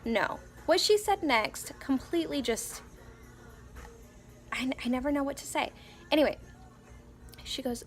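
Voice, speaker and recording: A young mother of three small kids rambles through a story for her home vlog, full of fillers and restarts, in a slightly high voice at normal speed with vocal fry and long pauses. When she quotes her child, she drops to a soft whisper. Faint music plays behind her.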